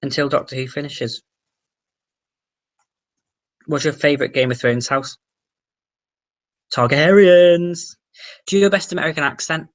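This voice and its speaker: A young man with an English accent, hosting a casual livestream and chatting excitably as he answers viewer comments, swearing now and then. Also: medium pitch, moderate pace, long pauses. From England. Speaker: livestream host.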